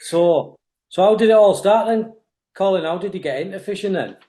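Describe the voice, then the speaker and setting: A man's voice: high-pitched, moderate pace, warm tone. A man hosting a podcast, chatting casually and giving short encouraging replies. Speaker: podcast host. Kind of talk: casual interview chat.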